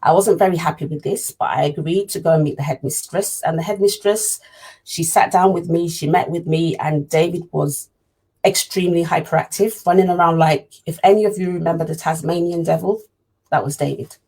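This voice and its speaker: Woman, parent telling her story; husky, earnest, repeats herself for emphasis. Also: fairly low pitch, a little fast, mellow. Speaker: parent sharing her experience. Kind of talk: personal storytelling talk.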